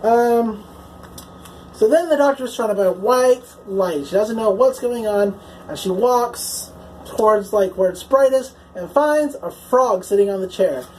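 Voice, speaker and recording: A woman's voice: a little high, measured pace, dark tone, slight background noise, poor audio. A woman casually recapping a TV episode as a reviewer, chatty and swearing freely, filling her talk with "like" and "you know".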